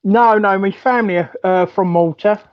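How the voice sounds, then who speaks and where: A man's voice: high voice, normal speed, dry recording, lo-fi sound. A man with a London accent, calling in by phone to a live chat and telling a rambling story with lots of ums. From London, England. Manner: rambling, many ums, laughs at his own story. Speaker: caller on a live stream. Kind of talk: casual storytelling.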